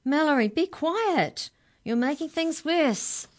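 A woman voicing an excitable young boy in a storybook, calling out high and urgent. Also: slow, dry recording, studio quality. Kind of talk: storybook reading.

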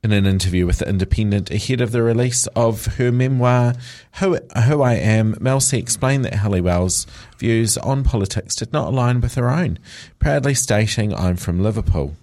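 A man's voice: on the low side, normal speed, a little mellow. A man hosting a show, reading celebrity news with chatty asides and jokes, often stumbling over words. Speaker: radio host.

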